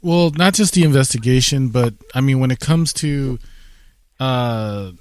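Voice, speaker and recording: A man hosting a radio interview, asking a long question with halting restarts. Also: mid-range voice, no echo. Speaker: radio show host.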